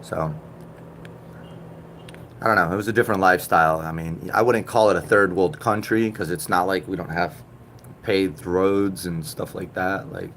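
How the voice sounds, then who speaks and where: A man in his thirties, originally from Puerto Rico, chats casually with viewers on a stream, joking and then dropping into quiet asides. His voice sits fairly low, and a faint hiss stays in the background. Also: normal speed. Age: 30s. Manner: joking, swings between loud bursts and low mutters. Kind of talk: casual live-stream chat.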